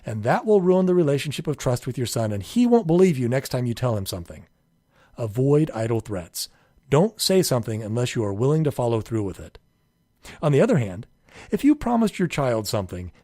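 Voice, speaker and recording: A man giving calm, earnest scripted narration for a parenting course, sometimes acting out a child's pleading questions. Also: no room sound, clean studio sound. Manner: calm, earnest, acts out children's pleas in a higher voice.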